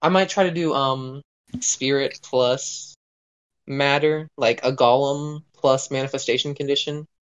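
A tabletop game player who describes their actions hesitantly and often pauses to search for words. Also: medium pitch, fairly even intonation, clear, resonant tone, dull audio.

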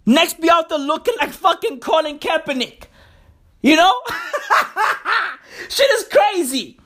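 Hosting her podcast alone, a woman delivers a casual solo rant full of heavy swearing, sarcasm and lots of repetition. Her voice is high and a bit bright.

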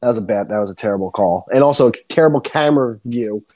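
A man's voice: mid-range voice, fast talker. Young man ranting in casual podcast talk. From Central New Jersey. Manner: animated, swears a lot, ranting. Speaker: podcast co-host. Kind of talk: casual chat.

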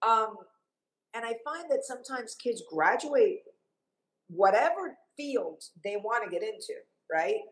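Speaking a little slowly in a slightly high voice, this woman is a middle-aged TV journalist from Cuba being interviewed. She is an emphatic, lively storyteller, captured on poor audio.

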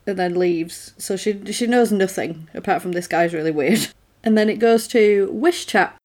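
A woman's voice: mid-range voice, normal speed, darkish tone. A woman recapping a TV episode in casual chat, laughing often and acting out the characters' lines.

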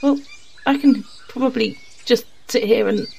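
A woman's voice: fairly high pitch, unhurried, darkish tone. A woman in an improvised comedy play, teasing and flirting playfully. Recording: clear background noise.

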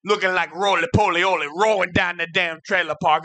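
A man co-hosting a comedy podcast, telling tall tales with loud, animated outbursts. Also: high voice, brisk, hardly any pauses, no room sound. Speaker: co-host.

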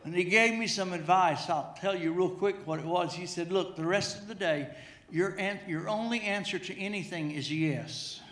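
In an echoey church sanctuary, a middle-aged male pastor with a high-sitting, slightly bright voice preaches at a normal speed, with slight background noise. He tells a humorous personal story, often repeating his words as he goes.

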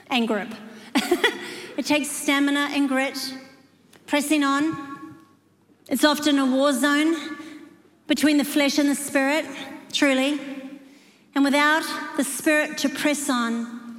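A woman delivers a sermon with a high, bright voice, leaning hard into emphasis and acting out the quoted lines. Her voice rings through a large hall with a long, trailing reverb. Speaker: preacher.

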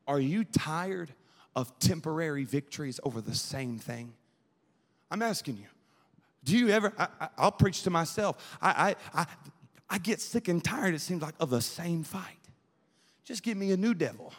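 A man's voice: fairly high pitch, animated, normal speed. A young man preaching a fervent youth sermon at a church service, calling on the crowd to answer back in a rhythmic preaching cadence. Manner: fervent, call-and-response with the crowd. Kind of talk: Pentecostal-style sermon. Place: church sanctuary at an evening service. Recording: long reverb of a large hall.

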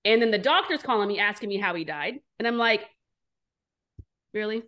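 A woman speaking as an interview guest, blunt and animated, with a mid-range voice. She tells her story candidly and swears freely as she talks. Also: mid-range voice, fast. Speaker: entrepreneur guest.

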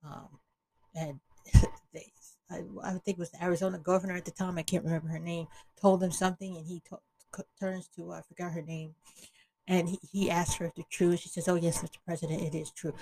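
A woman's voice: lowish voice, flat delivery, fairly quick, gravelly, mellow, rough recording. A woman hosting an opinion podcast, talking bluntly and with exasperation, often restarting her sentences. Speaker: podcast host.

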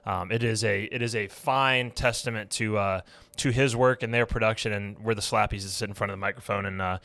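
A man's voice: lowish voice, fairly even intonation, a little fast, a bit bright. A man hosts a casual sports podcast in a stadium studio, trading jokes and poking fun at himself. He's sweaty after a day at practice. His voice sounds close and dry, with no room echo. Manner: joking, self-deprecating banter. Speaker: podcast host.

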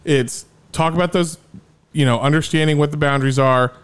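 A man's voice: on the high side, brisk, smooth. A young man co-hosting a podcast in crude casual chat, joking, laughing often and rambling through stories. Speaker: podcast co-host.

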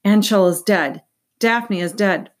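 A woman's voice: medium pitch, takes it slowly, natural voice. A woman voicing a wounded woman messenger who speaks in urgent, clipped phrases. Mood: desperate.

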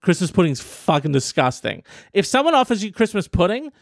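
A man's voice: high-pitched, sing-song, a little fast, creaky, no echo, studio quality. Irreverent, profane male podcast host. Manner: reads out an article and riffs on it. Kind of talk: comedic podcast commentary.

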